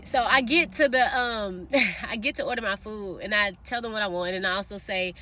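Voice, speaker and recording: A woman's voice: medium pitch, fairly quick, bright, forceful tone. A woman casually telling a personal faith story and encouraging her listeners, chatty, with many fillers, calling out to them directly. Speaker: faith vlogger sharing a prophetic word.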